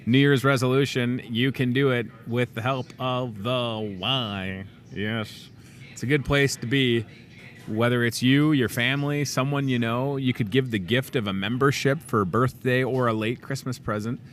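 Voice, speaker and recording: A man's voice: medium pitch, steady tone, moderate pace. A man hosting a local TV talk show, wrapping up with chatty, jokey banter toward the crew in a small studio. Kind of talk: casual live show wrap-up.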